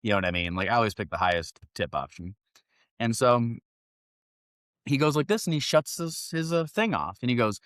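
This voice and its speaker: A middle-aged man hosting a podcast, telling a story in a profane, animated, casual way. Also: medium pitch, moderate pace, no echo. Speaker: podcast host. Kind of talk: casual chat.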